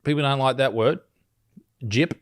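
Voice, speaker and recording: A man hosting a reaction commentary in a blunt, sarcastic, animated way. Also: medium pitch, moderate pace. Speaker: commentary host.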